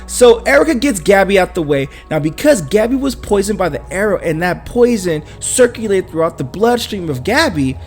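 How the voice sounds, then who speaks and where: A casual comic book recapper tells the story in loose slang and throws in jokes. The voice swings widely in pitch, with faint music playing behind. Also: normal speed, few pauses. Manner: slangy, animated, jokey.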